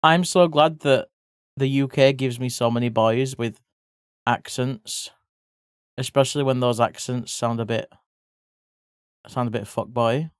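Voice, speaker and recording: This is a livestreamer chatting away casually while drawing, with loose, unfiltered talk. The voice sits at a middle pitch, and every so often it jumps into excited squeals. The sound is close and dry, with no room around it. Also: unhurried, long pauses, smooth, dry recording. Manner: chatty, swears casually, bursts into excited yelps.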